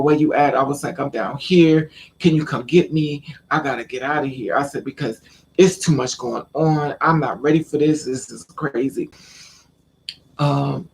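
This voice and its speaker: Man, gravelly voice, blunt and profane, casual storytelling vlog, faint background hiss. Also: a little high. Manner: blunt, profane, quotes people in conversation. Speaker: vlogger.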